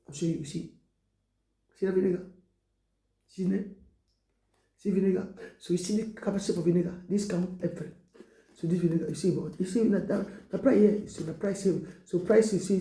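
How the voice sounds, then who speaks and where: A woman gives an informal exhortation. Her voice is very dark and mellow with a gravelly edge. She circles back over her points with "you see" and rises into loud prayer, heard in a roomy, echoing space. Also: fairly low pitch. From Cameroon. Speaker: exhortation speaker.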